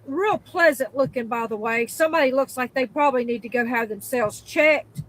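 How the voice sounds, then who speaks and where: Fed-up woman with a high voice, cursing through an angry rant with shrill bursts. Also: expressive, a little fast, few pauses, rough recording. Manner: profane, exasperated, emphatic; spikes into loud high outbursts. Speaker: worker venting in a video clip.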